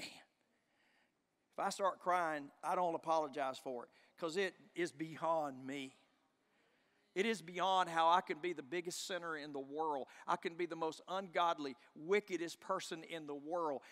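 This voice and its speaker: Middle-aged preacher guy, high bright voice, goes from yelling to near whisper, big echoey church. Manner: impassioned, swings from shouting to hushed. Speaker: pastor. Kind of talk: sermon. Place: church sanctuary.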